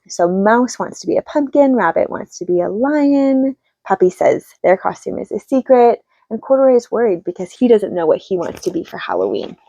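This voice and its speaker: An upbeat, chatty woman in her thirties sums up picture books for other parents in a relaxed, casual way. Her voice is mellow and warm, recorded close and dry with a slightly dull, lo-fi tone. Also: medium pitch, no room sound. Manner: chatty and upbeat, retells stories with light laughs. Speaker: homeschooling mom reviewing children's books. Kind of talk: casual book review.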